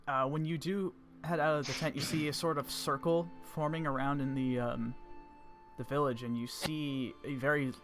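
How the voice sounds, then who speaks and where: A man narrating a tabletop game as game master, in a casual, halting way with fillers. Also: a little high, fairly even intonation, fairly bright tone, soft background music.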